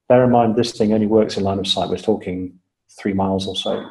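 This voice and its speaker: Low, mellow-voiced man telling a story. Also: steady tone, vocal fry, low-quality recording. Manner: measured, step-by-step retelling with frequent fillers; repeats key phrases for emphasis. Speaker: podcast guest. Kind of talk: storytelling in an interview.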